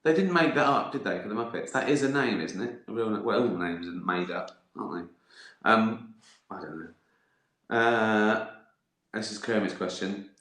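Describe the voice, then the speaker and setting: A middle-aged man talks through a casual livestream, rambling between stories and swearing freely. His voice is bright and forward, and it bounces around an echoey room. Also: on the low side, normal speed. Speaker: livestream host answering viewer questions. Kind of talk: casual chat.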